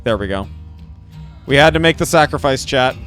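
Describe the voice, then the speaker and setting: A man's voice: medium pitch, lively intonation, moderate pace, a bit bright, faint music behind. Playful man streaming a game. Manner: playful, rambling, repeats phrases, talks to chat. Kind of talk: casual live gameplay commentary.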